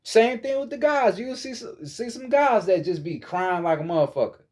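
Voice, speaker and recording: A man's voice: high voice, moderate pace. A man giving a casual spiritual monologue as a vlogger, lecturing bluntly with heavy profanity and frequent repetition.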